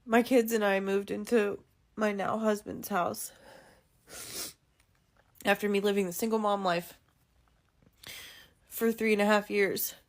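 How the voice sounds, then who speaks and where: A woman's voice: medium pitch, fairly even intonation, measured pace, pauses often. A woman in her thirties, a working mother, ranting tearfully to the camera, exasperated and swearing, her voice climbing when she gets worked up. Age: 30s. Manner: exasperated, swearing, rising to near shouts. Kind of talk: emotional rant to camera.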